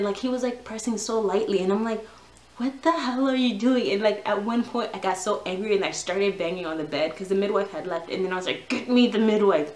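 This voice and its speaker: A woman's voice: mid-range voice, roomy sound, low-quality recording. A young woman vlogger telling a long personal story in a chatty, casual way, full of "like" and "yo". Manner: chatty, lots of "like" and "yo".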